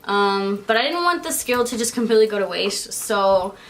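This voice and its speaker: A woman's voice: medium pitch, lively intonation, normal speed, fairly bright tone. Giggly, chatty young woman vlogger. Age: young adult. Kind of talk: casual chat.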